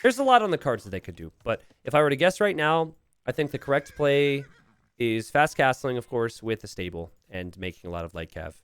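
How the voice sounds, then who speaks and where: A man's voice: mid-range voice, very animated, a little fast, smooth, dry recording, soft background music. Chatty young male game caster, dry close mic. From Pennsylvania, USA. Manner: casual, rambling, chatty with chat. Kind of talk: live-streamed game commentary.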